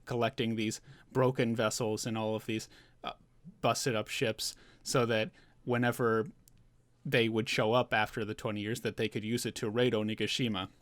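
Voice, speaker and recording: A man's voice: lowish voice, flat delivery, normal speed, no room sound. A man giving a casual, loose recap of a manga chapter, chuckling now and then and talking with plenty of fillers. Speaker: manga reviewer.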